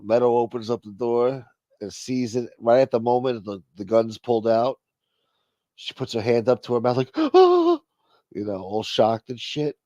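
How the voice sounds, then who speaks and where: A man's voice: fairly low pitch, mellow, no echo, lo-fi sound. A man hosting a live stream, chatting casually with viewers and telling a rambling, profane story.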